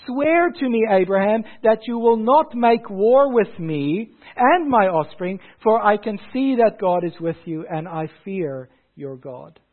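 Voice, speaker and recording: A man's voice: high-pitched, lively intonation, a little slow, hardly any pauses, voice pushed up. A man preaching and speaking as an ancient Philistine king who presses for a treaty in an insistent, pleading way. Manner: pleading, insistent retelling in first person. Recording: tinny phone-like sound.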